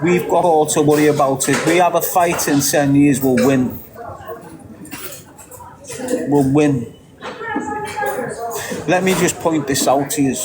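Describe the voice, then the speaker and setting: A man's voice: on the high side, fairly even intonation, normal speed, a crowd in the background, low-quality recording. A middle-aged man from England with a Liverpool accent, ranting emphatically as a podcast guest, repeating himself and laughing briefly. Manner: emphatic and repetitive, with short laughs. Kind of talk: ranting monologue.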